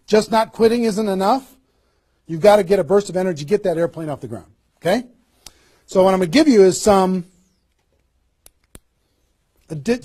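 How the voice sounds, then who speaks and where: A man with a fairly high, slightly husky voice coaches his listeners through a motivational seminar talk. He is energetic and keeps firing rhetorical questions, like a trainer pushing people into action. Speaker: network marketing trainer.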